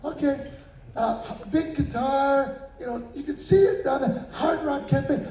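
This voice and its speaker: A man's voice: very high voice, measured pace, warm tone, roomy sound. A man answering an audience's questions in a casual, jokey way, acting out voices and drum sounds as he tells stories, recorded from a distance in an indoor venue. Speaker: guest drummer answering questions. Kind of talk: casual storytelling Q&A.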